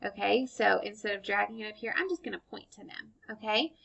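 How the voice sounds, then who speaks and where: A woman teaching young children phonics, sounding out words slowly and clearly and praising them warmly. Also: mid-range voice. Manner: slow, clear sound-by-sound modeling, encouraging.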